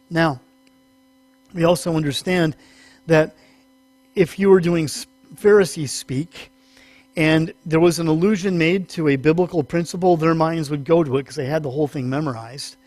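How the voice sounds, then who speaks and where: Higher-pitched male pastor teaching, dry sound. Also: darkish tone, no room sound. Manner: conversational, self-correcting, rises in pitch for emphasis. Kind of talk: sermon teaching.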